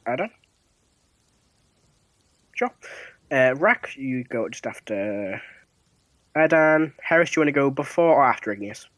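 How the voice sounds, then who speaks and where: A man's voice: medium pitch, big pitch swings, a little slow, pauses often, a bit bright, no echo. A man running a tabletop game as dungeon master, narrating scenes casually with fillers and laughs.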